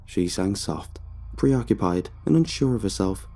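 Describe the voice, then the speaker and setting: Gravelly dark-voiced male horror narrator. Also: on the low side, animated, measured pace, soft background music. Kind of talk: scripted horror story narration.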